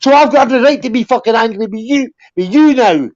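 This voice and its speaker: A man's voice: extremely high pitch, fast talker, darkish tone. A Scottish man in his fifties, hot-tempered and blunt, swearing heavily in casual heated chat. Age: 50s. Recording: dull lo-fi stream audio.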